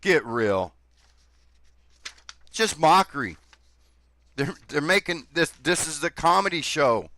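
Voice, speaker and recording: A man's voice: fairly high pitch, sing-song, slow, long pauses, bright, forceful tone, no echo. A man giving critical commentary between clips, scornful and sarcastic.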